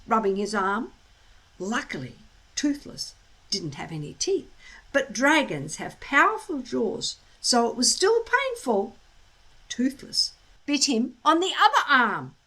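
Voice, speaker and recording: A woman reading a children's novel aloud in a slow, expressive, deliberate way. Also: a little high, husky, rough recording. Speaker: storyteller reading a children's book. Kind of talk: storybook read-aloud.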